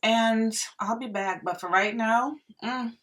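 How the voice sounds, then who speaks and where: A woman's voice: on the high side, takes it slowly, a bit bright, far from the mic. A young woman reviewing makeup in a casual vlog, gushing and exclaiming to her viewers as if they were friends. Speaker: beauty vlogger.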